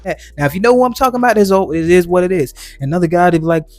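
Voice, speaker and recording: A man's voice: high voice, animated, rapid-fire, no room sound. A man hosting his own channel, giving a casual opinion monologue that rambles with frequent restarts and quoted asides. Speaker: commentary channel host.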